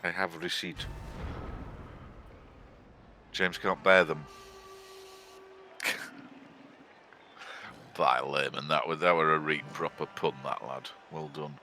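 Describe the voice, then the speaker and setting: Man, very low and bright, casual joking game commentary, faint hiss behind. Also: steady tone, takes it slowly, long pauses. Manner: chatty, joking and teasing.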